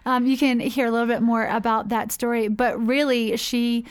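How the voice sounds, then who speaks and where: A woman's voice: a little high, level tone, moderate pace, smooth. Chatty woman, rambling story. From United States. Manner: chatty, rambling with fillers and restarts. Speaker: charity founder, guest. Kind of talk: casual interview.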